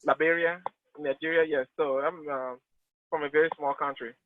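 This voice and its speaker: A man's voice: a little high, moderate pace. Earnest Togolese-accented man on a tinny line. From Togo, West Africa. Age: 30s. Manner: earnest, animated, with frequent restarts. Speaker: real estate agent guest. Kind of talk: conversational interview answers. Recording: tinny, dry phone-like call line.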